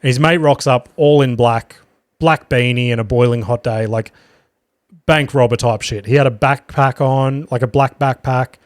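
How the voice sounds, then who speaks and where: Recorded dry at studio quality, this Australian man speaks in a mid-range voice with fairly even intonation and at a normal speed. Hosting his podcast, he tells a relaxed anecdote and swears when he quotes people.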